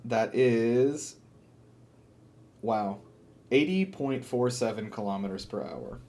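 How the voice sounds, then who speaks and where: A man's voice: mid-range voice, takes it slowly, mellow. A young man co-hosting a casual podcast, rambling with lots of fillers and restarts. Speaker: podcast co-host. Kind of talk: casual chat.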